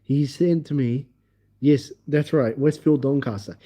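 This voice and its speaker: A man's voice: mid-range voice, unhurried, mellow. A man telling a long story on a livestream, rambling and restarting his phrases as he goes. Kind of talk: casual storytelling. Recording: dull lo-fi audio.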